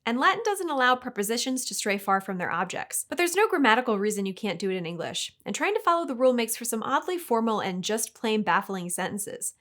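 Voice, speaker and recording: Lively woman hosting a grammar explainer. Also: fairly high pitch, quick pace, few pauses. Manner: lively, playful, wry delivery. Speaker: host. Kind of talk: scripted explainer narration.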